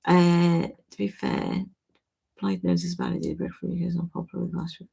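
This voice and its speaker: A woman from Wales hosts a casual live chat, answering viewers by name. Her voice is husky and breathy. She talks frankly and chattily, often breaking off and starting her sentences again. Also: on the low side, sing-song, moderate pace, warm tone. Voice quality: chatty, self-interrupting, frank. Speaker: livestream host.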